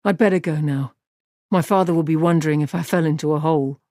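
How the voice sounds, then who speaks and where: A woman's voice: deep voice, fast, dark tone, no room sound, clean studio sound. A woman voicing an earnest, anxious young farm man in an audiobook, speaking in an urgent, insistent way.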